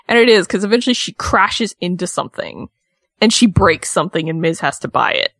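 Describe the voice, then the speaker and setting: A woman in casual chat, telling a story in an animated way and acting out what people said. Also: lowish voice, fairly quick, dry recording, clean studio sound. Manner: animated storytelling with acted-out quotes. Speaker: podcast co-host recapping a reality show.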